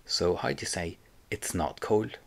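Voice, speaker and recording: Patient slow-paced male tutor. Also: deep voice, vocal fry. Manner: patient prompting, repeats phrases for learner. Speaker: language teacher. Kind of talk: audio language lesson drills.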